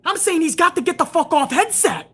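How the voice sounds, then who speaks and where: A woman's voice: very high voice, expressive, brisk, a bit bright. A woman hosting a show, ranting hard with profanity about wrestling and answering viewers in a live chat. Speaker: show host.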